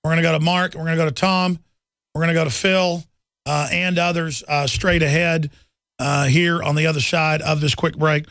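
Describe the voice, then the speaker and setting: A man's voice: a little high, level tone, moderate pace, a bit bright, no room sound. A middle-aged man hosting a talk radio show, delivering an urgent, ranting monologue full of "uh" fillers. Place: radio studio.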